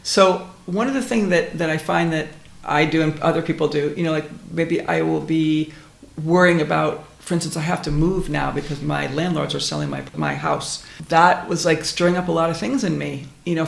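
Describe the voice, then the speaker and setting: A woman's voice: low voice, animated, normal speed, gravelly, reverberant. A woman guest, a transformation coach, talking earnestly about gratitude and personal growth on a podcast. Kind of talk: reflective podcast conversation.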